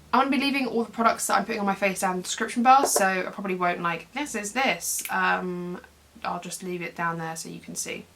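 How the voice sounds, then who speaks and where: A young woman with a medium-pitched, slightly bright voice films a get-ready-with-me video at home. She's a beauty vlogger who chats casually while doing her makeup, rambling and putting herself down.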